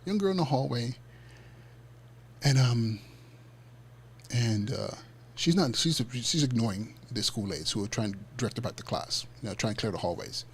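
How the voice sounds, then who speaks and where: A man hosts a podcast and tells a story from his work in a loose, conversational way. He stumbles over fillers and restarts, then throws himself into the voices of the people in his story. His voice sits at an ordinary middle pitch, with a faint hiss under it. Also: normal speed, long pauses. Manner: animated, acts out quoted dialogue in street slang; frequent fillers and self-restarts. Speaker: podcast host. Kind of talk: casual personal storytelling.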